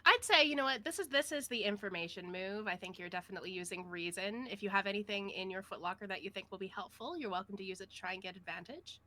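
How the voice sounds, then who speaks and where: Woman game master narrating a tabletop scene, bright, lively. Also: medium pitch, quick pace, few pauses. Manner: lively, descriptive.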